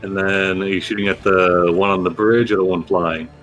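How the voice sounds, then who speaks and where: Deep-voiced man running a tabletop game. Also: fairly even intonation, normal speed, a bit bright, muffled recording, soft background music. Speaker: game master.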